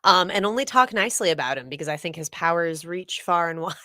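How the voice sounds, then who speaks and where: Woman guest, lowish bright voice, swoops around in pitch, easygoing. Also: lively intonation, fast, no room sound, clean studio sound. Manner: laid-back, laughs often, trails off. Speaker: podcast guest. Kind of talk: casual livestream chat.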